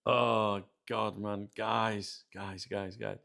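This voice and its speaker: Gravelly chatty British man. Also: fairly low pitch, very slow. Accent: British English. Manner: chatty, animated, laughs often, addresses viewers as guys. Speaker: channel host. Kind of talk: casual storytelling to viewers.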